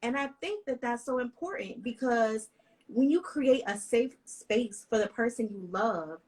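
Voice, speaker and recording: A woman on a discussion panel telling a heartfelt personal story with animated, emotional delivery. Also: on the high side, unhurried, breathy edge, poor audio.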